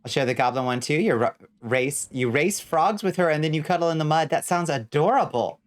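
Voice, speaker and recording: Sitting low and animated, her voice runs a little fast. A young adult woman streaming a game, she reads chat out loud and riffs on it casually, wry and blunt, with lots of swearing.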